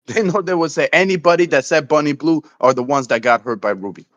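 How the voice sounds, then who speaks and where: A man's voice: on the high side, quick pace, fairly bright tone, dry recording, muffled recording. A man co-hosting a casual stream chat, often stumbling and repeating his words. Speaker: co-host.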